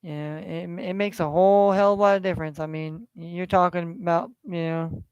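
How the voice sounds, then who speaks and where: A man's voice: sits high, fairly even intonation, moderate pace, clear, resonant tone, dry recording, highs cut off. A man from California hosting a casual sports betting stream, rambling and swearing as he repeats himself. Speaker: sports betting podcast host.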